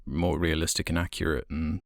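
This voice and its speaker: A man co-hosting a podcast, discussing a film casually in a measured, hesitant way with many fillers. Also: extremely low pitch, level tone, creaky, no echo, clean studio sound. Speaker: podcast co-host.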